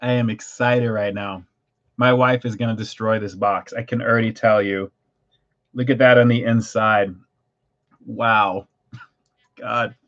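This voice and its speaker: Excitable man gushing over snacks. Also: lowish voice, measured pace, pauses often, lo-fi sound. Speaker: food reviewer host. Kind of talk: livestream snack review.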